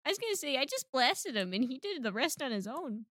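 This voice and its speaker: A woman's voice: high-pitched, very animated, a little fast, fairly bright tone, dry recording, clean studio sound. A woman playing in a tabletop game, playful and giggly as she talks. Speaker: player. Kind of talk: casual tabletop play.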